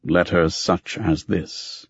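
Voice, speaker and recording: A man voicing a very old, towering male master librarian who speaks slowly and gravely in a storybook reading. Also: low voice, fairly even intonation, no echo, full character voice. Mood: solemn. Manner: slow, grave, intoning. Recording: dry, slightly muffled recording.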